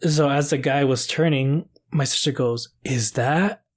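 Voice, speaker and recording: A podcast co-host with a steady, mid-range voice chats casually at a moderate pace. He rambles with lots of fillers and swears when telling a story.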